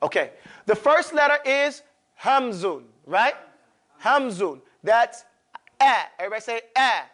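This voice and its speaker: Brief: very high-voiced male teacher, drills a class in a classroom, keeps asking if they follow. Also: expressive, unhurried, fairly bright tone. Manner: drills pronunciation, checks in with "okay?". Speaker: Quran recitation teacher. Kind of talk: classroom lesson.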